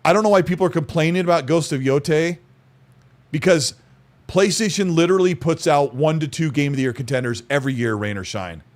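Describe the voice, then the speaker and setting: A man's voice: fairly high pitch, a little fast. A man co-hosting a casual gaming podcast, teasing his co-host and laughing often.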